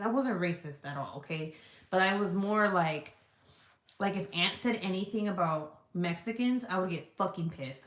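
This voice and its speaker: A woman vlogger chatting casually and answering viewer comments, frank and profane and quick to laugh. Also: fairly low pitch, fairly bright tone. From United States. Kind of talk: casual chat. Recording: echoey room.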